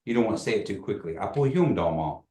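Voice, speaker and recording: A man teaching a community language class, joking with students and slowly repeating phrases for them. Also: fairly low pitch, recorded from a distance. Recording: echoey classroom.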